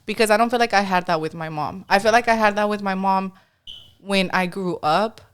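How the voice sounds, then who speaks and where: A woman's voice: medium pitch, fairly quick, smooth. A woman co-hosting a podcast in casual chat, laid-back, saying "dude" a lot and mixing in Spanish. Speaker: podcast co-host.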